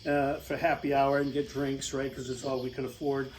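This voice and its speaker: A man's voice: mid-range voice, flat delivery, moderate pace, darkish tone, a little hiss or hum, poor audio. A middle-aged American man telling a rambling, casual travel story over slides, with lots of fillers and laughs. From United States.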